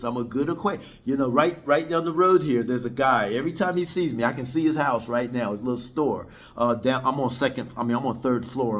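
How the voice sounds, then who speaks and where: Man vlogging with a slightly high voice. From United States. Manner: rambling, repeats himself, often addresses viewers as guys. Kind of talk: casual talk to camera. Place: indoors, apartment on a third floor.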